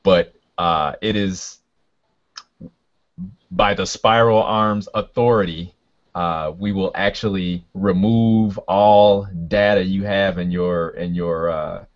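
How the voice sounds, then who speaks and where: A man voicing a stern male space knight of an empire, speaking formally and halting with fillers, in a dull lo-fi recording. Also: sits low, steady tone.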